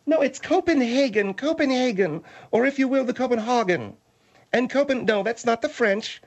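A man's voice: extremely high pitch, fairly quick, voice pushed up. Comedy radio bit: a man playing a pompous, snappish woman who corrects everyone. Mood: haughty. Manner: prissy, pompous about pronunciation. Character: haughty pretentious woman, snappish and insulting.

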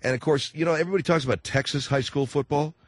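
A man's voice: fairly high pitch, racing. Chatty middle-aged male radio host. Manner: chatty, jokey, rambling. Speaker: radio talk show host. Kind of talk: casual radio chat. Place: radio studio. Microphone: close studio mic.

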